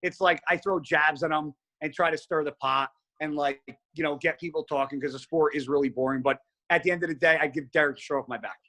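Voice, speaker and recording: A man's voice: on the high side, fast talker, hardly any pauses. A man as a podcast guest, telling stories in casual chat, blunt and heavy on profanity. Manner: blunt, profane, animated storyteller.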